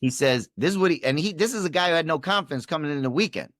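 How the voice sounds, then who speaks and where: A man, a performance coach and podcast guest, telling a story and acting out the dialogue with shifting pitch and energy. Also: expressive, fast talker, a bit bright, dry recording, clean studio sound. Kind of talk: animated storytelling in conversation.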